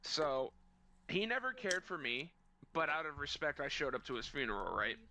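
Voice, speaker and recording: A man's voice: a little high, big pitch swings, normal speed, bright, forceful tone, a little hiss or hum. A man telling a rambling, crude, mock-sentimental story in casual chat with friends. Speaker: podcast co-host telling a story.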